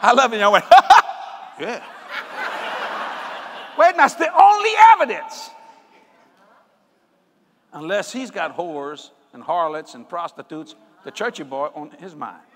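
A male preacher giving a sermon in an animated, joking way, often breaking into shouts. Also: sits high, slow, pauses often, in a large hall, a little hiss or hum.

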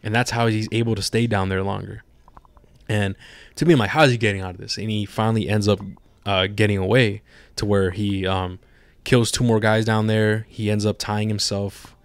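Excitable swearing man reviewing a film. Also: on the low side, moderate pace, clean tone, dry recording. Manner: excitable, profane, retells scenes with quoted reactions. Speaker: podcast co-host. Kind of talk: casual chat, movie review.

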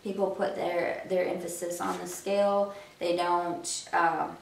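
A woman's voice: lowish voice, level tone, a little slow, gravelly, slight background noise. A woman fitness coach giving a motivational talk, firing off rhetorical questions with a chatty, filler-laden delivery. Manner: chatty with many "you know" fillers. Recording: roomy echo, mic at a distance.

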